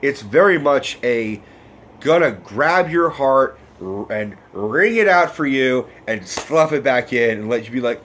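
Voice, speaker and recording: A man's voice: medium pitch, lively intonation, a little slow, fairly bright tone, a little hiss or hum. A man giving a casual, rambling film review, swearing freely and getting emotional. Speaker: movie review vlogger.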